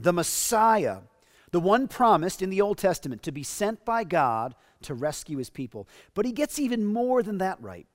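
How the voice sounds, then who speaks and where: Earnest male preacher, fairly high voice. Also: long reverb tail. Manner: earnest, emphatic preaching with paraphrased quotes. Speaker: pastor. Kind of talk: sermon.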